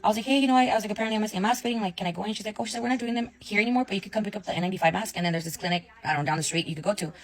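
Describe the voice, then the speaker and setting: A woman's voice: medium pitch, very fast, few pauses, poor audio. A young woman telling a story in a casual rant, blunt and swearing often, acting out both sides of her conversations.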